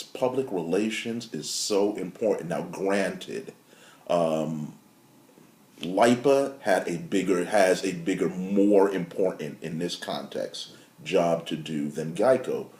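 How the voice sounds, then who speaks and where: A man giving a casual, animated commentary as a marketing consultant, building to emphatic outrage. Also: low-pitched, roomy sound. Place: his apartment.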